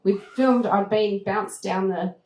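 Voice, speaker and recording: Female travel host telling a story live, lively and laughing, medium pitch, echoey room. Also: takes it slowly, a little hiss or hum. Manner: lively, laughs often, acts out moments with high squeals. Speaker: travel TV host giving a talk. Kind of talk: animated storytelling to an audience. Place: event room at a retreat. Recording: roomy echoing hall.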